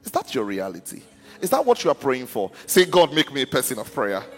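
A man's voice: medium pitch, wildly swooping pitch, a little fast, in a large hall, faint music behind. A man pastor preaching a sermon in a church, often stuttering on restarts and asking the congregation if they are listening. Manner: stammers and restarts words.

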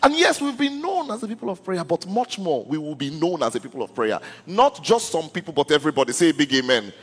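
A man's voice: on the high side, big pitch swings, quick pace, slightly rough, big-room sound. A man pastor preaching a sermon in a church, often stuttering on restarts and asking the congregation if they are listening. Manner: stammers and restarts words.

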